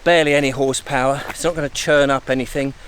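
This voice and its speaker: A middle-aged Englishman talks casually to his viewers in a rambling, friendly way. His voice sits at an ordinary middle pitch. He is outdoors beside his van, and gusts of wind buffet the mic over a faint hiss of traffic. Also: fairly even intonation, fast talker, fairly bright tone. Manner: chatty, rambling, friendly asides. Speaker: vlogger. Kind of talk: casual vlog to camera. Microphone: wind buffeting the microphone.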